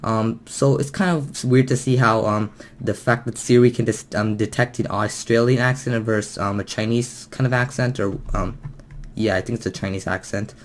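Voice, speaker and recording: A man's voice: fairly low pitch, fairly even intonation, normal speed. Hesitant, rambling male vlogger. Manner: hesitant and rambling, full of ums and restarts. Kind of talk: casual video commentary.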